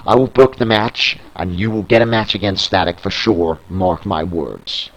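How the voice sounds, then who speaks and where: A man reading out the lines of a persuasive, businesslike male wrestling promotion owner in his own low voice. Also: moderate pace, low-quality recording.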